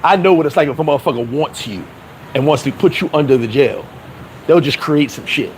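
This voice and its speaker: High-voiced, blunt New man. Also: brisk, a little hiss or hum, rough recording. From New York. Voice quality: blunt, profane, streetwise. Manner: acts out dialogue in quoted voices. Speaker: vlogger. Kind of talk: casual advice monologue.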